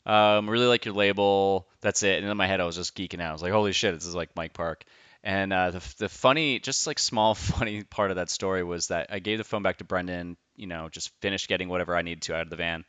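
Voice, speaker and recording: Low-voiced guy doing a podcast intro, crisp and bright, swears a lot, dry close mic. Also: steady tone, fast, hardly any pauses, no echo. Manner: loose, enthusiastic, swears freely, rambling asides. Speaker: podcast host. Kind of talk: casual podcast intro monologue.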